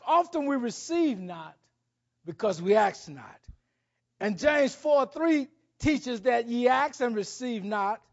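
A man preaching a sermon, with dramatic swings between loud and soft. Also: sits high, creaky, dull audio. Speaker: pastor.

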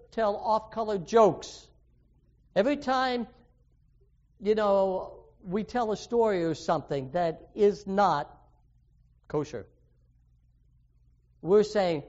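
A man with a high voice preaches a sermon, throwing questions at his listeners and leaning hard into key words. The recording is dull and lo-fi. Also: a little mellow. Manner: earnest, questioning, with sudden emphatic rises.

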